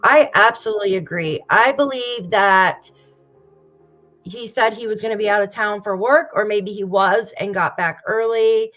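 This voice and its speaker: A woman's voice: mid-range voice, normal speed, fairly bright tone. A woman hosting a casual livestream, talking straight to her viewers and greeting the chat. She sighs often and sounds close to tears. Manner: emotional, sighing, fighting back tears. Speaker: true crime livestream host. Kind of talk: casual livestream commentary, reading posts aloud. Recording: dull lo-fi stream audio with faint music.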